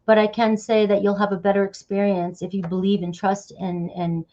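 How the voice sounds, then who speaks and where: A woman's voice: medium pitch, level tone, moderate pace, muffled recording, noisy background. A woman giving a casual tarot reading, chatty and loose, often dropping in "all right" and "okay". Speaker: tarot reader.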